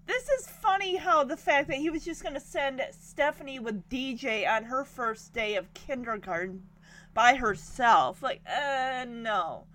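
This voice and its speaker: A young woman with a high voice casually recaps a sitcom episode. Her tone swings widely, and she moves between quick asides and mock outrage. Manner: animated, indignant storytelling. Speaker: TV show recapper.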